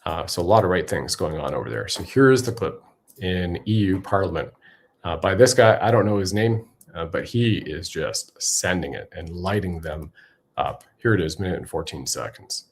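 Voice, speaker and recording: Lowish-voiced guy ranting on his show, emphatic, lots of uhs. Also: expressive, normal speed, slight background noise. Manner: emphatic, conversational, frequent fillers. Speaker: show host. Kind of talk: political commentary monologue.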